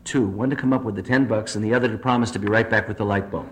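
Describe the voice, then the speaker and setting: A man's voice: lowish voice, steady tone, very fast, crowd noise. A man telling a string of jokes to a recovery group, chuckling through his punchlines. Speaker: speaker at a recovery meeting. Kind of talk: stand-up joke telling.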